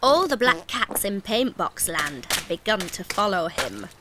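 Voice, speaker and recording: A woman narrating a children's cartoon story in a gentle, clear storytelling voice. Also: medium pitch, expressive, measured pace, heavy background noise. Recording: music playing under the voice.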